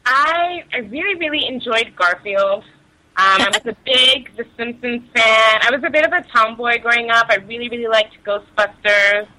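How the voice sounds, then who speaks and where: A woman's voice: fairly high pitch, normal speed, bright, forceful tone, poor audio. A young woman from Nigeria, chatting casually as an interview guest, laughing often and using many fillers.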